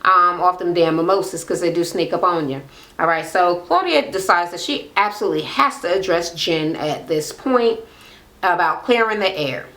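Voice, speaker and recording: A woman's voice: lowish voice, expressive, moderate pace, a bit bright. A woman in casual chat recapping a reality show, blunt and profane, gossiping and acting out what people said.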